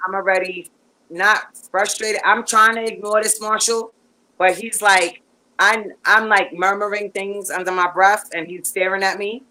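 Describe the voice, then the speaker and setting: A woman guest telling a long story in casual chat, animated and rambling, with lots of fillers and restarts. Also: medium pitch, moderate pace, low-quality recording.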